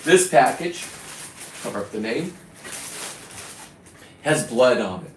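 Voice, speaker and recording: A man's voice: medium pitch, very animated, slow, slight background noise. Middle-aged male vlogger, crude and boastful, mid-range voice, roomy echo. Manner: profane, boastful and rambling. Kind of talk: rambling casual monologue. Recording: echoey room.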